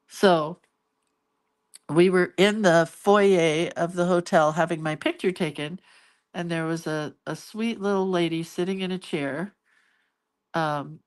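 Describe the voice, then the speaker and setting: A woman's voice: fairly low pitch, steady tone, measured pace, smooth. A middle-aged woman telling a personal story in a casual, rambling way, full of asides. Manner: chatty, rambling, with many asides. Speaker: crafting vlogger.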